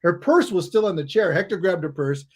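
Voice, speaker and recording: A man's voice: sits high, brisk. A middle-aged man, a guest coach and author, telling a story in conversation and acting out the people in it. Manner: animated, acts out the people in his stories.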